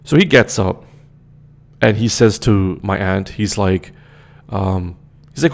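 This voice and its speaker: A young man tells a personal story as an indignant, profane rant. He circles back and repeats his points. His voice sits low with a rough, gravelly fry. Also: slow pace, long pauses.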